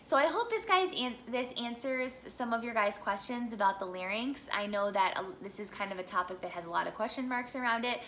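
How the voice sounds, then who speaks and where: Bright-voiced woman teaching singing. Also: on the high side, animated, a little fast, hardly any pauses, slight background noise. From American Midwest. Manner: chatty, encouraging, demonstrates vocal exercises. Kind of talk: vocal lesson.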